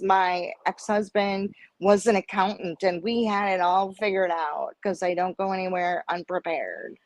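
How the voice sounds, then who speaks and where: A woman's voice: on the low side, a little slow, few pauses, dry recording. A middle-aged woman telling a personal story on a panel chat, acting out the voices of people in it. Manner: animated storyteller acting out dialogue. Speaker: guest.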